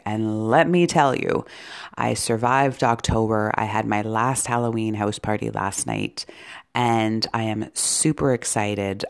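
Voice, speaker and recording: A woman hosting an inspirational podcast, talking in an encouraging way and often dropping into soft, whispery asides. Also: a bass voice. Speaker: podcast host and psychic medium.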